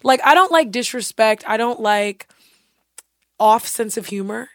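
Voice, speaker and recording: A young woman chatting casually, blunt and animated, swearing freely and acting out quotes. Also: fairly high pitch, a little slow, no room sound, studio quality. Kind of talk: casual chat.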